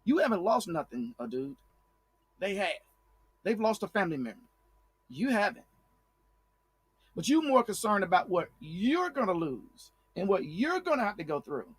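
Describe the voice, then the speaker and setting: A man with a high-pitched voice delivers blunt, fiery commentary straight to his viewers. He repeats words and restarts sentences as he pushes each point hard. The tone stays heated and direct throughout. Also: sing-song, normal speed, pauses often, breathy edge, dry recording. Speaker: online commentator.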